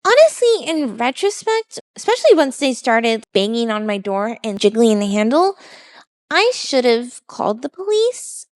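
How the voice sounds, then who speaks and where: A woman VTuber telling a true story in a casual, animated way, acting out what people said. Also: a little high, normal speed, no room sound. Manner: animated, expressive retelling with quoted dialogue.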